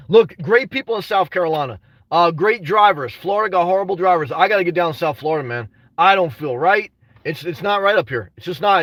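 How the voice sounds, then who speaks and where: Young male streamer, high, bright voice with a dry sound; restless, emotional chat that breaks into shouting. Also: dry recording, distant mic. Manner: restless, says "man" constantly, swings to shouting. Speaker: vlogger reading live chat.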